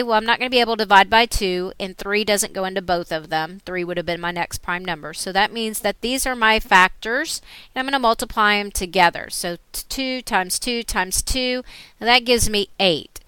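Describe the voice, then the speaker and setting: Bright, clear woman teaching algebra step by step. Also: medium pitch, dry recording. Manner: steady step-by-step explaining. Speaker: math teacher. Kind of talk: recorded screen lesson.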